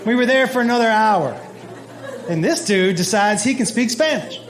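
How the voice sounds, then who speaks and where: A man doing stand-up comedy, telling a long story in an animated way and acting out the other people's lines. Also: normal speed, crowd noise, noisy background. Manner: animated, acts out quotes with big pitch jumps.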